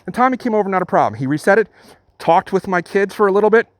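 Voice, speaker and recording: A man's voice: sits high, animated, no echo. Earnest man retelling a story. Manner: earnest, halting retelling with many restarts. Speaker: channel host. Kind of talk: storytelling vlog.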